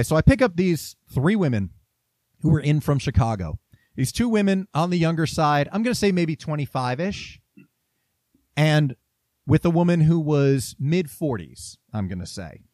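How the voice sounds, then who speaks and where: A man's voice: fairly high pitch, a little mellow, dry recording. A man casually chatting and telling a story as a podcast host, laughing often. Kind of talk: casual chat.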